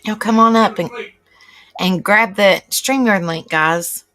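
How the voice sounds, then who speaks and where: Bright chatty woman streamer. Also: medium pitch, takes it slowly. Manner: chatty and rambling, reacts aloud while reading chat. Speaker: livestream host. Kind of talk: casual chat to live viewers.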